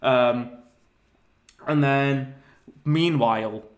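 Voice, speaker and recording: A man's voice: mid-range voice, drawn-out words. A man co-hosting a comedy podcast, rambling through a made-up film plot with frequent laughter. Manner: rambling storyteller, laughs often. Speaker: podcast co-host. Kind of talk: casual comedic chat.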